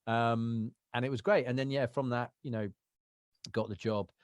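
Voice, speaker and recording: A man speaks at a medium pitch and moderate pace with fairly even intonation, and there's no room sound. He's an actor and voiceover artist appearing as a guest on a podcast, telling rambling anecdotes full of fillers in a casual interview chat.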